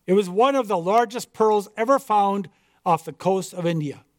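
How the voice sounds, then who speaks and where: A man reading a story aloud in a measured, earnest way. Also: sits high. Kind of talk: read-aloud story narration.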